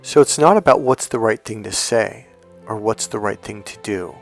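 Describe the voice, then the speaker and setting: Male dating coach, gravelly tone, emphatic delivery that swings from loud and punchy to slow and hushed. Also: lowish voice, soft background music. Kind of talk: coaching monologue.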